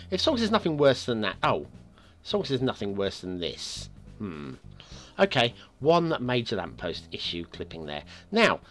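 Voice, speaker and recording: A man hosting a game map review show, talking in a chatty, upbeat way with playful asides. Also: on the low side.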